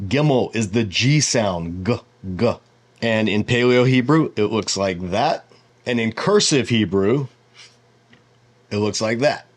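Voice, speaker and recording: Casual teacher: man, lowish voice, explains patiently and muses aloud mid-lesson. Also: lively intonation, unhurried. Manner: explanatory, thinking aloud with asides. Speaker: Bible teacher.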